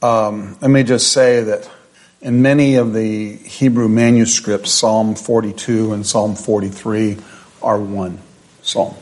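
A man leading a midweek Bible study, chatting with fillers and restarts, then reading scripture slowly and with deliberate emphasis. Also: lowish voice, fairly even intonation, a little mellow.

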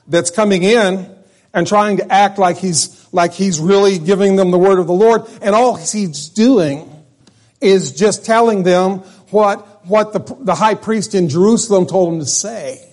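Male pastor, high-pitched, folksy conversational sermon, lots of restarts. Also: darkish tone.

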